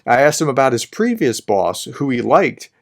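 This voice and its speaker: A man's voice: medium pitch, very animated, normal speed, creaky. A man giving casual, rambling political commentary between clips, often restarting his sentences.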